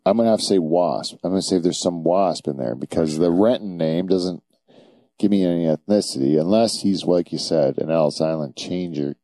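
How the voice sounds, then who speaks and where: A man hosts a casual podcast in a low, deeply mellow voice. He jokes crudely and rambles as he goes. The sound is dry and close. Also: moderate pace, no room sound. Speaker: podcast host. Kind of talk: casual banter.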